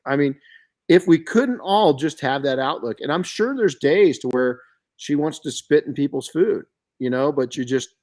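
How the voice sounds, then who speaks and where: A middle-aged man hosting a podcast, chatting casually and telling stories in an animated way, often restarting his sentences. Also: a little high, normal speed. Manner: storytelling, animated, frequent restarts and self-corrections. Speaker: podcast host.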